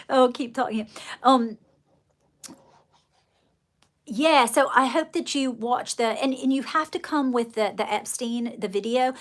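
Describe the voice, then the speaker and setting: Her pitch is fairly high and her pace unhurried as this Southern woman from Georgia hosts a livestream. Chatty and affectionate, she rambles on, gushes, and calls the people watching darling.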